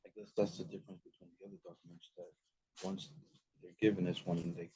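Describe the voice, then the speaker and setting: A man's voice: low-pitched, steady tone, a little fast, vocal fry, mellow, breathy edge, rough recording. A man in a study group adding his own thoughts in a hesitant way, filling his sentences with "like" and "uh". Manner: hesitant, many "like" fillers. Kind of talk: asking and adding to a discussion.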